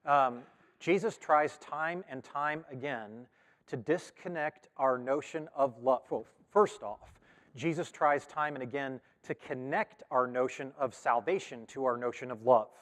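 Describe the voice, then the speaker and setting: A male pastor talks through a Bible passage in a relaxed, conversational way. He often stops with an um, restarts or corrects himself. His mid-pitched voice rings with the long reverb of a big church hall. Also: measured pace. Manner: conversational, with frequent fillers and self-corrections. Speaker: pastor teaching a Bible study. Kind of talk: casual Bible study teaching.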